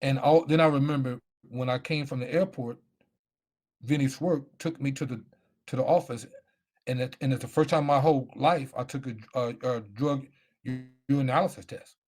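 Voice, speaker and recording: This middle-aged ex-football player shares his personal story as a guest speaker, stressing points and repeating himself. He has a medium-pitched, steady, slightly mellow voice and a moderate pace.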